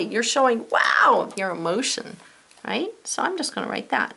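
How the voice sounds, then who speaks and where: Female teacher, bright gravelly voice, animated and encouraging with young pupils. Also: mid-range voice, normal speed. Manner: animated, encouraging, speaks directly to kids. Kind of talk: children's lesson to camera.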